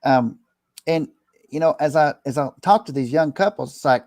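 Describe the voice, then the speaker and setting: A man's voice: on the high side, moderate pace, a little mellow, no room sound, clean studio sound. A middle-aged man, a preacher, talking earnestly in casual conversation, rambling with restarts and slipping into preachy advice.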